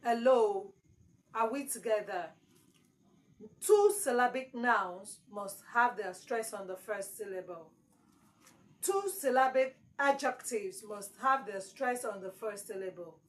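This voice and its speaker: A woman's voice: fairly high pitch, takes it slowly, low-quality recording. A woman teaching exam prep, repeating key words with strong emphasis. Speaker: English teacher.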